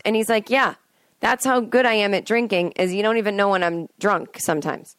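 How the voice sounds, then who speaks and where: A woman's voice: medium pitch, brisk, a bit bright, no room sound. A woman hosting a podcast, talking in a chatty, digressive solo monologue and breaking into sung snippets and acted-out voices. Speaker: podcast host. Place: in bed at home.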